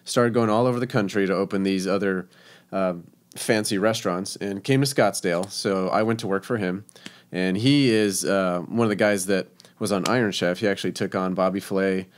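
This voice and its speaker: Chatty chef telling kitchen stories. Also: male voice, low-pitched, normal speed. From Texas. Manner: chatty, laughing, many fillers. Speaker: professional chef. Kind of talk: casual storytelling interview.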